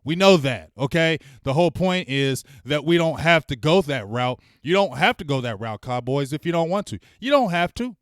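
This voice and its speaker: A man hosting a fan channel, ranting bluntly and with plenty of swearing as he heckles rival fans and shouts out viewers in his live chat. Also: fairly high pitch, lively intonation, normal speed, hardly any pauses, clean tone, no room sound, studio quality. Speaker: sports fan channel host.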